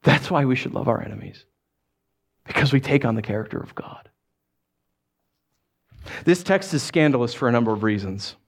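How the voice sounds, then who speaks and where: A man preaching a sermon in an animated way, acting out the voices of animals and listeners as he tells stories. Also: mid-range voice, normal speed, long pauses. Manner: animated, acts out voices of dogs, cats and listeners. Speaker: pastor.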